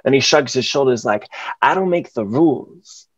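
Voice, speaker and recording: A young man presents over a video call as an educator, performing slam poetry with passion and a spoken-word rhythm. His voice is mid-range, husky and lively in intonation at a normal speed, and the audio is dry and close with no room sound but a dull, lo-fi edge from the call.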